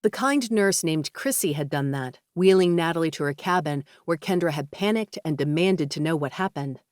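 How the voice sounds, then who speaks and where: A woman narrating an audiobook in an even, measured reading. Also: deep voice, dry recording, clean studio sound. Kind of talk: scripted narration.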